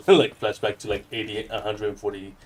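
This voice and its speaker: A man's voice: lowish voice, little pitch movement, fairly quick, darkish tone. A man casually chatting as a co-host, reading out chat and teasing with dry asides. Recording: faint game music behind.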